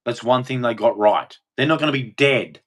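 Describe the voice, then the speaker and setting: A man's voice: mid-range voice, moderate pace, fairly bright tone. A man giving an emphatic, repetitive monologue, swearing and acting out quoted voices as he goes. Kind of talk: ranting monologue.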